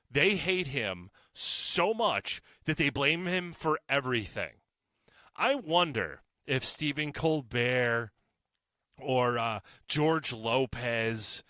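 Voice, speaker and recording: A man's voice: medium pitch, sharp tone, no echo, studio quality. A man hosting his own podcast, ranting crudely and mockingly with plenty of swearing and restarts. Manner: rambling with frequent restarts. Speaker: podcast host. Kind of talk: solo opinion podcast rant.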